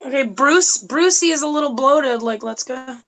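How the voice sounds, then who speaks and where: A woman joining a casual chat, slow and teasing. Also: sits high, fairly bright tone.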